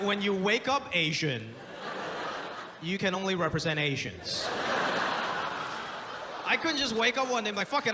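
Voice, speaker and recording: A man performing a stand-up comedy set on stage, acting out the voices of his parents and other people. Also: sits high. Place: comedy stage before a live audience. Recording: live hall with long reverb, audience noise.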